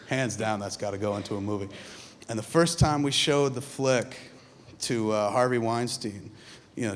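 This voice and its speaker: A filmmaker telling profane, animated stories live on a theatre stage, mimicking his friends in quick quoted asides. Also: lowish voice, slight background noise. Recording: reverberant theatre hall, faint ambience.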